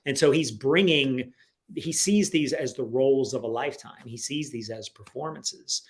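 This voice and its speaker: A man as a guest in a casual interview, talking in an animated, rambling way full of "like"s, on a video call from home. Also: medium pitch, moderate pace. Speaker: guest comic writer.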